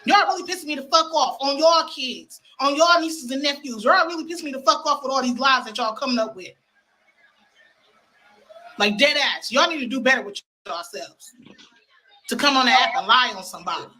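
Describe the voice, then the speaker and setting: A woman's voice: high voice, brisk, pushed and bright, poor audio. A woman on a livestream ranting defensively against rumors, indignant and full of cursing. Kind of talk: profane livestream rant.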